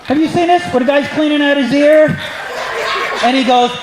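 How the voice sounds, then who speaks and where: This stand-up comic has a very high male voice and talks at normal speed, teasing the audience in a brash, profane set of crowd work. It's recorded in an echoey comedy club with a live crowd laughing and noise in the background.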